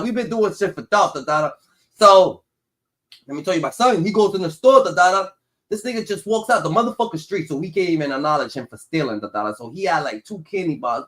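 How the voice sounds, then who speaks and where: Male streamer, high bright voice, casual and animated, acts out voices and swears a lot. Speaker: livestream host. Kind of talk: casual chat with comic storytelling.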